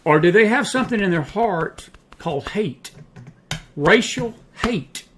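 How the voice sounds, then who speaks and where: A man's voice: high voice, expressive, moderate pace, slight background noise. A man hosting a talk show, speaking emphatically and repeating words for effect. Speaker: host. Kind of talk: casual talk show discussion.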